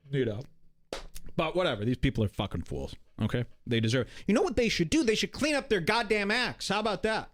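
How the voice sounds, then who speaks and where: A man hosting a podcast, talking in an animated, exasperated, profane rant. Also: high-pitched. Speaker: podcast host. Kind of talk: casual ranting commentary.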